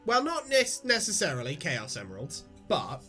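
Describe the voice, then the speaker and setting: Bright high-ish voiced guy hosting a podcast, swears a lot, trips over his words. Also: moderate pace, breathy edge, soft background music. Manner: excitable, sweary, frequent restarts. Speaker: podcast host and reader. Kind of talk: casual chat and reading aloud.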